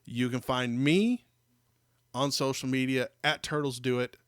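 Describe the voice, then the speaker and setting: A man's voice: mid-range voice, steady tone, unhurried, smooth, no echo, clean studio sound. A man co-hosting a podcast in casual chat, rambling with lots of fillers and joking about his kid. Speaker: podcast co-host. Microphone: studio microphone.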